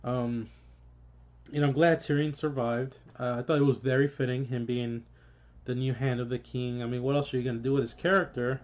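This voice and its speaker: A man's voice: medium pitch, fairly quick. A man vlogging a casual, frustrated review, swearing often and filling gaps with "you know" and "like". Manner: frustrated, swears, many fillers, animated.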